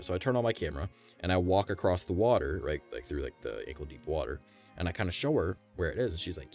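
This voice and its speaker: Brief: young man streamer, lowish voice, rambling profane storytelling, faint music behind. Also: expressive, quick pace, darkish tone. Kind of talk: casual storytelling on a live stream.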